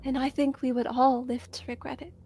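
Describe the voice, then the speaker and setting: High-voiced earnest woman player. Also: little pitch movement, a little fast, warm tone, a little hiss or hum. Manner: earnest and hesitant. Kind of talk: in-character speech in a tabletop game.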